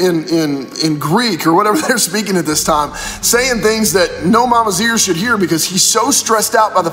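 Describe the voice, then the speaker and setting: A man with a high voice delivers a casual pastor's devotional, retelling scripture in everyday slang. The sound carries a long hall reverb. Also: a bit bright.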